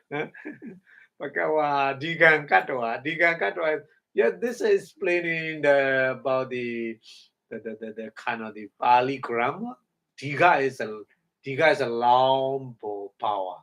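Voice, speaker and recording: A man giving a Dhamma talk in halting English, breaking Pali words into syllables, often chuckling and asking if listeners follow. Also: medium pitch. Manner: halting non-native English, chuckles often, checks understanding. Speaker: meditation teacher.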